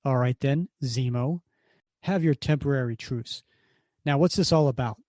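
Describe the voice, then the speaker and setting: A man's voice: medium pitch, moderate pace, a little mellow, no echo, clean studio sound, close to an everyday voice. A man reading aloud as a defiant male hero captain, firm and indignant.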